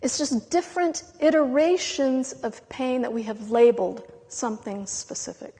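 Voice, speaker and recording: A woman giving an impassioned spiritual talk, emotional and intense, with long dramatic pauses between words. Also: sits high, lively intonation, warm tone. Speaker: spiritual speaker. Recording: long hall reverb.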